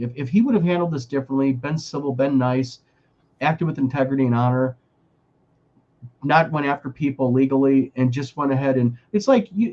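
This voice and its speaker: A man's voice: medium pitch, darkish tone, highs cut off. A man co-hosting a casual chat show, talking emphatically with many restarts. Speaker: podcast co-host.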